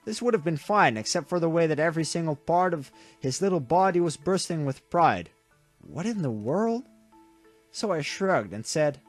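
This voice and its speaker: Male game streamer, lively dramatic reader, slightly high, faint music bed. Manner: animated, dramatic reading with quick reactions. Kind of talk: reading a visual novel aloud with asides.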